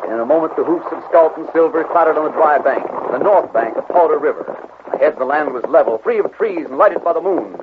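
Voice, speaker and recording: A man's voice: fairly high pitch, expressive, brisk, narrow, tinny audio, background noise. Dramatic narrator, male, old radio. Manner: vivid, dramatic storytelling. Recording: old radio broadcast with music. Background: music.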